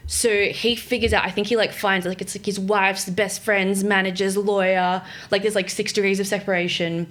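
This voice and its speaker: A woman's voice: medium pitch, flat delivery, moderate pace, a bit bright. A young woman, a podcast guest, telling a long gossipy story in casual chat and packing it with "like". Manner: rambling anecdote full of "like" fillers.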